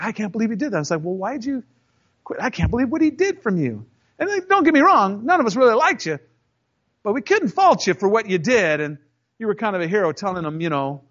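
A man casually telling a story from his working life, acting out both sides of the arguments with lively emphasis. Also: a little high. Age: 30s or older. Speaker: storyteller recounting a job. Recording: dull lo-fi recording.

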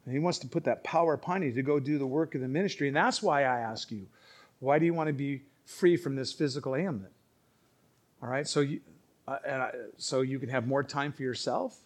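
A male pastor preaching a sermon, emphatic and swinging between quiet asides and loud exclamations. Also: medium pitch, a little fast.

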